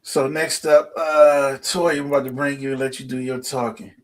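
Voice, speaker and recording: A man hosting a group call. He speaks in a relaxed, encouraging way, loose with fillers. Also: medium pitch, normal speed. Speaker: host.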